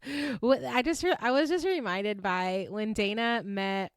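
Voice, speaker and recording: A woman's voice: a little high, measured pace, clean tone, no room sound, studio quality. A tired woman hosting a casual recap podcast, rambling and giggling with lots of "like"s. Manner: chatty, giggly, rambling with many likes. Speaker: podcast host recapping reality TV. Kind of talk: casual chat.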